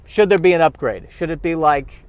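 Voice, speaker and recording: A man's voice: fairly high pitch, animated, moderate pace. Man ranting comically from his car. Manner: self-deprecating, ranting comic asides. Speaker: podcast host. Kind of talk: solo comedic podcast monologue. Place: in a car, driving and parking.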